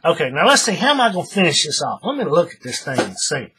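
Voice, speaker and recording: A man's voice: a little high, sing-song, quick pace, pushed and bright, slightly rough. A man hosting a casual craft tutorial, thinking aloud as he works and often restarting his sentences. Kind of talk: casual how-to demonstration.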